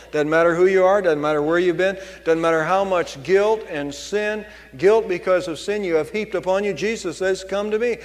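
A man's voice: high-pitched, big-room sound. A man preaching a sermon as pastor, driving points home with emphatic repetition.

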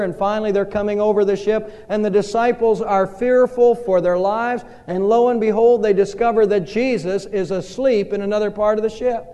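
A male pastor preaching a sermon in a church, telling stories slowly and dramatically with pauses. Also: high voice, dark tone. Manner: slow, dramatic storytelling with pauses. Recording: reverberant hall.

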